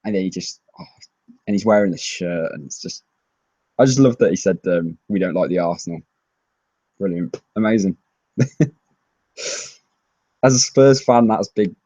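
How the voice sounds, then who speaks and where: A young man casually answering viewer questions on a live stream, rambling with excitable fan chatter. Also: fairly low pitch, normal speed, pauses often, slightly rough, dry recording. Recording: dry, slightly dull lo-fi mic.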